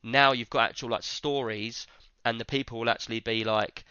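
A man's voice: mid-range voice, fairly even intonation, moderate pace, pushed and bright, smooth, no room sound, lo-fi sound. A man hosting a casual tech podcast, chatty and rambling with lots of fillers. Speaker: podcast host.

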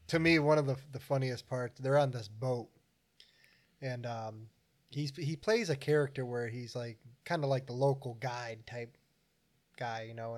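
A young man co-hosting a casual podcast, telling stories with lots of laughter and acted-out quotes. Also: medium pitch. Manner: animated storyteller, laughs often, acts out movie lines. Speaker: podcast co-host. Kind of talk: casual chat.

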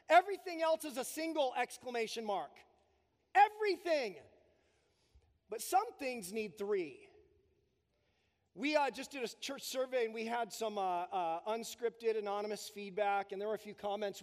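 Male pastor, high voice, extreme and emphatic sermon delivery, reverberant sanctuary sound. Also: moderate pace. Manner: emphatic, preaching with strong build-ups and drops. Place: church sanctuary. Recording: long reverb of a church hall.

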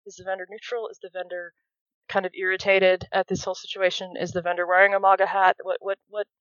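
A woman playing a tabletop game, describing her character's moves with halting restarts and frequent laughter. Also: medium pitch, little pitch movement, fairly bright tone, no room sound. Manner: giggly, halting, stammering. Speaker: player. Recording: slightly dull, dry sound.

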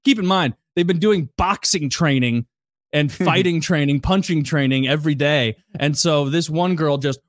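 Profane, animated storytelling man. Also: fairly high pitch, moderate pace, no echo, studio quality. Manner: animated, profane, laughing while telling. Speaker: podcast host. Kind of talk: casual storytelling chat.

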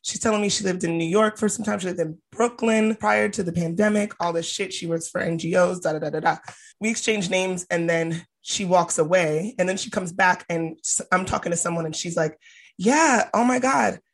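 Husky woman telling stories, casual. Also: fairly low pitch, fairly quick. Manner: animated, profane, acts out quoted people. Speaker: podcast co-host. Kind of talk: casual chat, storytelling.

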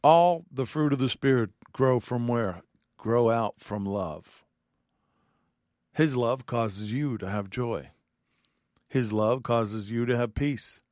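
A man's voice: mid-range voice, takes it slowly, a little mellow, dry recording, studio quality. A man giving a heartfelt radio Bible teaching, reading scripture aloud and speaking earnestly.

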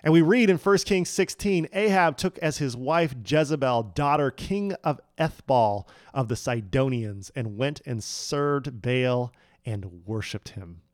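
A man preaching a sermon as a pastor, telling a story with big swings between loud and hushed lines. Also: medium pitch, unhurried, no room sound, studio quality. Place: church hall.

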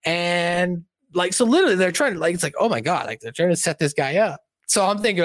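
A man casually recapping a film's plot out loud in a rambling, profane, animated way, seated indoors. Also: high voice, fairly quick, dry recording, clean studio sound. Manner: animated, rambling, profane storytelling with many asides. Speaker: movie recap commentator. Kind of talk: casual spoken film recap.

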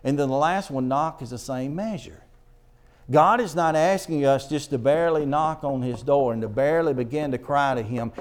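Middle-aged male pastor, slightly high voice, earnest and emphatic sermon delivery. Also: expressive, a little mellow. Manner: earnest, emphatic preaching that reads scripture slowly. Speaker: preacher. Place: church.

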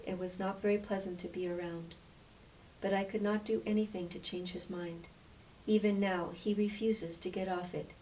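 Gentle, reflective wife, read by a woman storyteller; soft storybook telling, off-mic, light hiss. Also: mid-range voice, fairly even intonation, normal speed, natural voice. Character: gentle, transformed island wife. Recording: distant mic with faint hiss.

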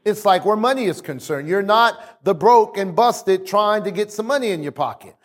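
Male preacher with a high voice, delivering a fervent call-and-response sermon in a big echoing church. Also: expressive, normal speed. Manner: emphatic, call-and-response with congregation. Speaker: pastor. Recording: long reverb of a large hall.

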